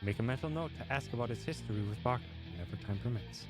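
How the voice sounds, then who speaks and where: A man's voice: medium pitch, animated, fast talker. A man streaming a game, chatting casually and reading its text aloud. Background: game music.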